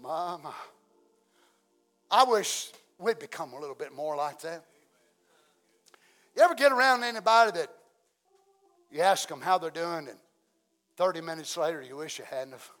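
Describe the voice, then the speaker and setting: A man preaching a sermon in a folksy way, asking the congregation many questions and swinging between loud exclamations and soft asides. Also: fairly high pitch, animated, moderate pace, long pauses, faint music behind.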